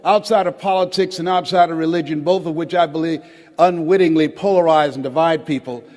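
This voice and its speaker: A man's voice: on the high side, steady tone, darkish tone. An older man, a motivational speaker from the United States, addressing a live audience and calling on them to raise hands and repeat after him. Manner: calls for audience responses, dramatic pauses. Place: large auditorium. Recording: hall reverb.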